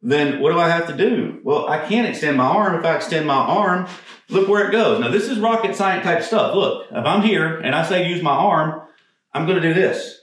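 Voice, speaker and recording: A man's voice: a little high, animated, normal speed, fairly bright tone. A man teaching golf swing technique on camera, talking casually and bluntly, swearing now and then, and getting out of breath as he demonstrates. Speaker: golf instructor. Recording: echoey, from a distance.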